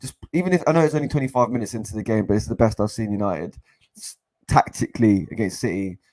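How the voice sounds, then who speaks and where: A young man giving casual live match commentary as a fan co-host, excitable and exasperated, with frequent restarts. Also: on the low side, quick pace. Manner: excitable and exasperated, swears, repeats and restarts phrases.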